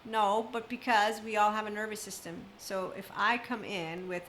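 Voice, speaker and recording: A woman's voice: mid-range voice, fairly even intonation, moderate pace, a bit bright, a little hiss or hum, low-quality recording. Emphatic woman giving a preachy monologue. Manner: emphatic, preachy, run-on sentences. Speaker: spiritual self-help speaker. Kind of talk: impassioned unscripted monologue.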